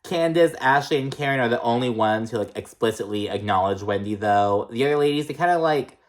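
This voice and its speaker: A man's voice: mid-range voice, lively intonation, brisk. A man casually recapping a reality TV episode in a gossipy, profane way, with lots of fillers.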